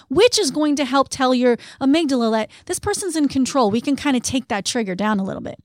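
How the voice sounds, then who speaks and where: A woman co-hosting a podcast, explaining coping steps in an earnest, conversational way and slowing down on key phrases. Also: high voice, expressive, no room sound, clean studio sound. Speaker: podcast co-host.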